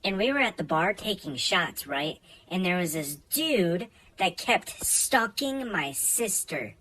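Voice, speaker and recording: A woman doing a comic storytime monologue, animated, swinging between loud bursts and soft asides. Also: fairly low pitch, slow, a little hiss or hum, poor audio. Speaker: comedian.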